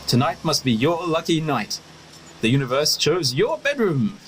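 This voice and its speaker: A man's voice: fairly high pitch, sing-song, slight background noise, low-quality recording. A man playing an eccentric time traveller. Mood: reassuring, curious. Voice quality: quick, inquisitive, playful. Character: eccentric male time traveller, curious and cheerful. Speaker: lead character in an audio drama. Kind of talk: audio drama acting.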